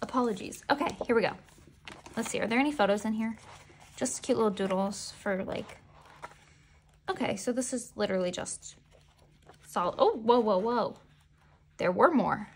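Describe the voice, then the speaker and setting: Gravelly-voiced woman gushing over an unboxing. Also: mid-range voice, moderate pace, pauses often. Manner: gushing, excitable, talks to the photos. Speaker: unboxing vlogger. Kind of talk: casual unboxing commentary.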